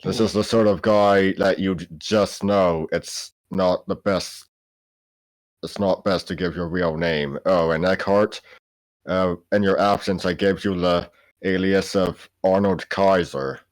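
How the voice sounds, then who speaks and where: A man with a very low voice speaks slowly and hesitantly as a tabletop game player. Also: fairly even intonation. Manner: slow, hesitant. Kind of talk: casual game chat.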